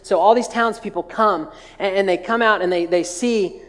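A man's voice: sits high, moderate pace, a bit bright. A man preaching as a pastor, retelling a scripture story in a chatty, humorous way with lots of filler words and restarts. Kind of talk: casual humorous sermon storytelling. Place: large church hall. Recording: long hall reverb.

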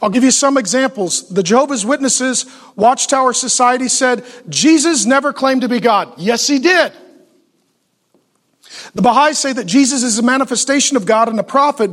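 A man preaching a sermon as pastor, emphatic, piling up rapid lists and rhetorical questions, with joking asides to the audience. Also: very high voice, fairly bright tone.

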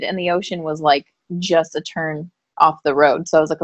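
A woman co-hosting a live-streamed chat, telling a personal story in an animated way and laughing often. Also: fairly low pitch, normal speed, no echo, dull audio. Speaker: podcast co-host and psychic reader.

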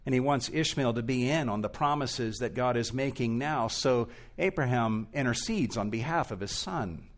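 A man's voice: mid-range voice, normal speed, few pauses. Earnest, emphatic male preacher. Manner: earnest, emphatic preaching with rising and falling intensity. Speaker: pastor. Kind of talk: expository sermon.

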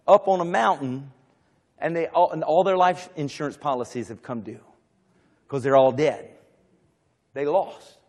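A male pastor preaching a sermon in a church, telling the story dramatically and calling out to the congregation. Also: on the high side. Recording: long hall reverb.

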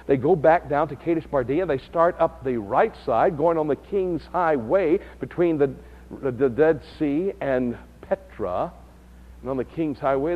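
Guy teaching bible study, gets loud and high when he presses a point, muffled recording. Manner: builds to loud, high-pitched emphasis.

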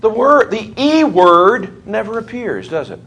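In a lecture room full of students, a man with a high voice gives a history lecture at an unhurried pace. He tells stories animatedly and laughs as he goes.

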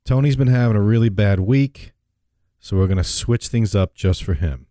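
A man's voice: on the low side, moderate pace, warm tone, no room sound, clean studio sound. A man hosting a podcast in a jokey, rambling casual chat and laughing often. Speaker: podcast host.

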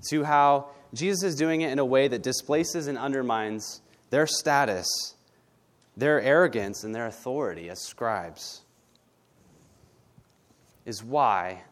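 Male pastor, mid-pitched, plainspoken, casual sermon delivery. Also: a little slow. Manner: blunt, conversational, tag questions.

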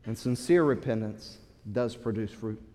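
A man's voice: on the low side, normal speed, warm tone, in a large hall. A man preaching a Sunday sermon in a church, emphatic, often repeating words as he works up to his point. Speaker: pastor. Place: church sanctuary.

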